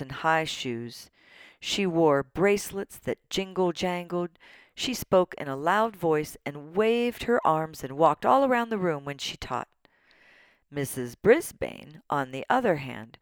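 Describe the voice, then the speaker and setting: A woman with a low voice narrates a children's storybook with playful, animated delivery. She takes her time, letting the lines swing up and down. The recording is close and dry. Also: clear, resonant tone, no room sound. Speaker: audiobook narrator.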